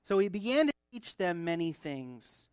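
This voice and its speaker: A man's voice: high voice, big pitch swings, normal speed, smooth, dry recording. Conversational preaching man, dry sound. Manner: conversational, swings between soft asides and loud emphatic build-ups, laughs often. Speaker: pastor. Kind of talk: sermon.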